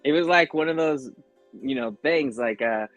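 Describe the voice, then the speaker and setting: Male actor guest, animated storyteller, dry close mic, faint music bed. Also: mid-range voice, moderate pace, no room sound. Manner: animated, acts out quoted voices, frequent fillers. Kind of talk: casual interview storytelling.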